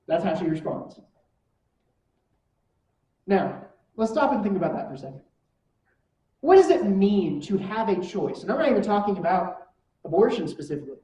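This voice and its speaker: A woman's voice: mid-range voice, sing-song, moderate pace, long pauses, warm tone, muffled recording. A woman teaching a conversational church lesson, often asking her class rhetorical questions. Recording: echoey room from far mic.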